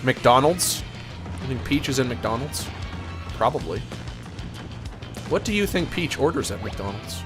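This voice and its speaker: Brief: chatty let's play host, male, animated intonation. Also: mid-range voice, normal speed, long pauses, over music. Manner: joking, chatty asides.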